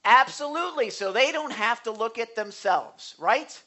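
A man's voice: very high voice, expressive, normal speed, sharp tone. A man preaching a sermon in an earnest, conversational way, asking the congregation questions and building to emphatic bursts. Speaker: pastor.

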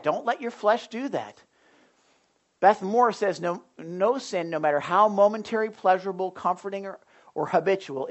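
A middle-aged man preaching a sermon in a lively, chatty way, slipping into quick acted asides. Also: high voice. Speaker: pastor.

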